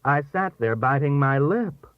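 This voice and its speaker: A man's voice: fairly high pitch, lively intonation, measured pace, no room sound, pitched above the performer's own voice. A man reading aloud and voicing a scornful, theatrical middle-aged wife who complains dramatically. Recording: thin phone-like dry sound.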